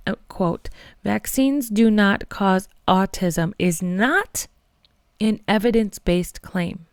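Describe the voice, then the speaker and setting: Fired-up woman podcaster, clear resonant voice, dry close sound, calls listeners "friends". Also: medium pitch, a little mellow, dry recording. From Michigan. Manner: impassioned, gets worked up, addresses listeners as friends. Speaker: podcast host. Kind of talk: casual political commentary.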